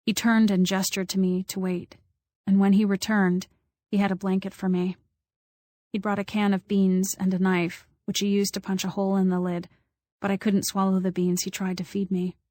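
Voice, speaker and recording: A woman reads an audiobook in a steady, flat-toned narration. She sits close to the mic in a dry, dead studio sound, with a mid-height voice that stays even from line to line. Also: mid-range voice, moderate pace, dry recording. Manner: acts out quoted voices with small shifts. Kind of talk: scripted narration.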